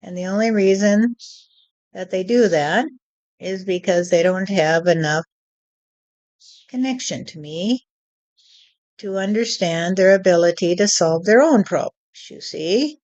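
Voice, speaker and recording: Slow, deliberate woman channeling spirit. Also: mid-range voice, a little mellow, muffled recording. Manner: slow, deliberate, repeats "you see".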